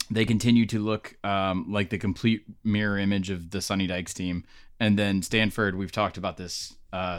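A man's voice: lowish voice, fairly bright tone, clear, resonant tone, dry recording, clean studio sound. A man hosting a casual sports podcast, chatty and rambling with plenty of fillers. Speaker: podcast host.

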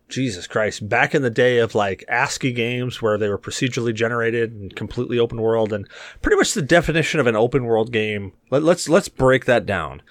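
A man co-hosting a gaming podcast in casual chat, animated and joking. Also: no room sound, studio quality. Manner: animated, joking, quick swings in pitch. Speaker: podcast co-host.

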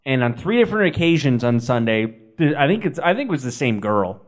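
A man's voice: mid-range voice, very animated, brisk. A man co-hosting a sports podcast, telling stories in a rambling way with dry humor and lots of fillers. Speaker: podcast co-host. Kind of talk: casual sports podcast chat.

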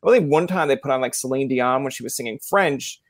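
A man's voice: medium pitch, fast talker, no room sound, clean studio sound. A man with a Newfoundland accent hosting a casual interview, telling rambling stories and acting out the voices of people he quotes. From Newfoundland, Canada. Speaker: podcast host.

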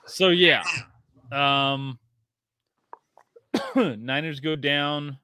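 A man in his thirties hosting a casual sports podcast, telling stories excitedly and swearing freely. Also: on the high side, drawn-out words, clear, resonant tone. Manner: excitable, profane storytelling. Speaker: podcast host.

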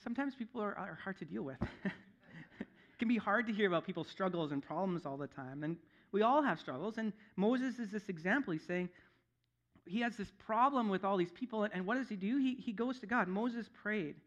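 A man's voice: on the high side, a bit bright. A man giving a guest sermon in a church, casual and chatty, often laughing and breaking off mid-thought. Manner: casual, chuckling, self-interrupting delivery. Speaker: guest preacher. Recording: dull lo-fi sound.

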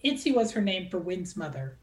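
A woman novelist reading aloud from her own novel with an expressive, dramatic delivery. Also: fairly low pitch, fairly quick. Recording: echoey room.

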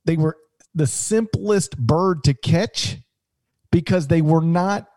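A man co-hosting a sports podcast, telling stories with animated, joking energy. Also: a little high, slow pace, dry recording. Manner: animated, jokey storytelling with restarts. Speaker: podcast co-host, sports analyst. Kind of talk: casual podcast banter.

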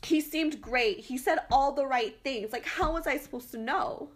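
Young woman, casual podcast chat, animated, swears a lot, slightly high voice. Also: moderate pace. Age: 20s. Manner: animated, swears freely, acts out quotes. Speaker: podcast host.

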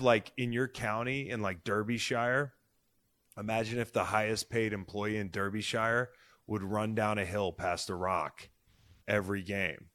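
Sports podcast host, male, thirties, slightly low voice, bursts into loud excited yelps, salty language. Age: 30s. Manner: loud, excitable, swears freely. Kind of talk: casual sports chat.

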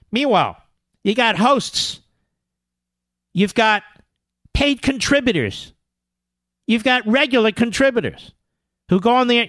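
Male talk radio host: high, swooping delivery, sarcastic and emphatic, dry studio sound. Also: big pitch swings, a little slow, long pauses, a bit bright, no room sound. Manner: sarcastic, mocks opponents in put-on voices; emphatic, repeats words for effect. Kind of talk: political talk radio monologue.

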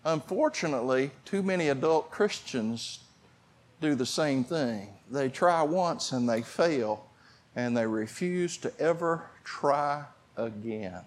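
A pastor preaching a sermon, talking conversationally and calling out to the congregation. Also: male voice, medium pitch, animated, takes it slowly. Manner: conversational preaching with audience call-outs.

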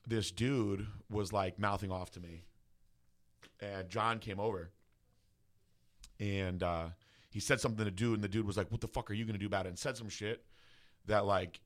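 A man's voice: fairly low pitch, a bit bright. A middle-aged man telling a personal story in casual, rambling podcast talk, full of "like" and swearing. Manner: rambling, heavy use of "like", profane.

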